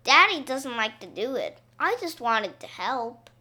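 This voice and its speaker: A woman's voice: on the high side, very animated, measured pace, bright, forceful tone, exaggerated voice. A woman voicing an eager, earnest seven-year-old boy in a children's storybook reading.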